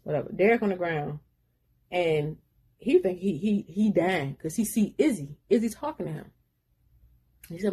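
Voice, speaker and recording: A woman's voice: fairly low pitch, expressive, normal speed, creaky, warm tone, husky. A woman casually retelling a book's plot in a rambling, slangy way, with asides to her viewers. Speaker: book reviewer. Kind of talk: casual book recap.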